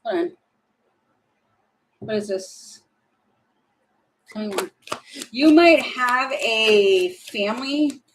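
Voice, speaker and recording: A woman's voice: fairly high pitch, expressive, very slow, long pauses, slight background noise, rough recording. Chatty woman reading tarot live. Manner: chatty, apologetic, thinking aloud. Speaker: tarot reader.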